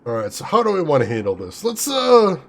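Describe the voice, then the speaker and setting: Animated man doing let's-play commentary. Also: fairly high pitch, fairly quick. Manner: animated, excitable storyteller, laughs and yelps easily. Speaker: gaming channel host.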